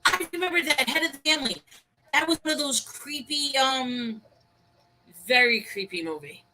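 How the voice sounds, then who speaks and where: A woman's voice: high-pitched, lively intonation, moderate pace, bright, forceful tone, slight background noise, poor audio. A woman co-hosting a casual chat over a video call, telling stories and laughing easily. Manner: chatty, storytelling, laughs easily. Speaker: co-host.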